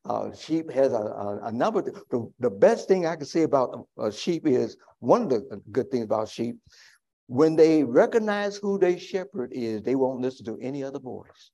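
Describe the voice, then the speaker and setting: A male pastor preaching a sermon. He climbs into loud, high preaching and then falls back to quiet, reflective asides. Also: very animated, moderate pace, lo-fi sound.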